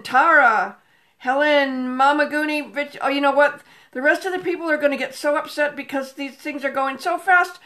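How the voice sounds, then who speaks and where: A woman's voice: sits high, a bit bright. An older woman hosting a casual live stream from home, chatting and greeting viewers by name into a phone camera. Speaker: livestream host. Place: home room with a table. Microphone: phone camera on a table.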